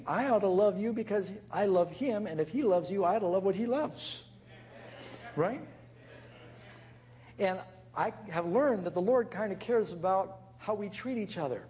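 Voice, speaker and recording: A man's voice: high-pitched, mellow, highs cut off. A man preaching as a pastor, telling stories and acting out the people he quotes. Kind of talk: sermon.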